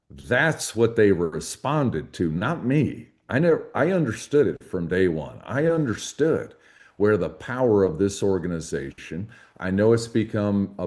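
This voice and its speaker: Folksy low-voiced man, emphatic. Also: a little mellow. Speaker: hunting rights advocate, guest. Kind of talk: conversational podcast interview.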